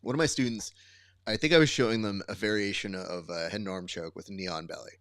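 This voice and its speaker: A man's voice: on the low side, fast, fairly bright tone, dry recording, studio quality. A man co-hosting a grappling podcast as a coach, telling stories expressively with comic exasperation. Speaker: podcast co-host and jiu-jitsu coach. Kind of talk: animated storytelling chat.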